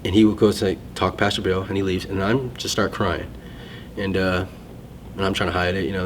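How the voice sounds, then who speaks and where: Guy with a really low voice chatting, keeps cutting himself off mid sentence, faint rumble behind. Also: little pitch movement, a little fast. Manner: rambling, self-interrupting storyteller. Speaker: guest sharing testimony. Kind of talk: casual conversation.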